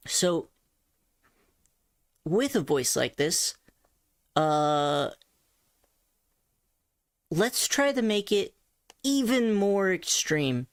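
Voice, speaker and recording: Brief: slow-talking vlogger, gravelly, thoughtful and self-critical, close and dry. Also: medium pitch, no echo. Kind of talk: casual voice training vlog.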